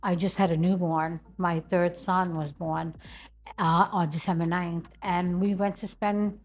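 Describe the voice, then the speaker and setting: A woman's voice: fairly low pitch, little pitch movement, a little slow. Chatty woman podcast guest. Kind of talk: casual chat.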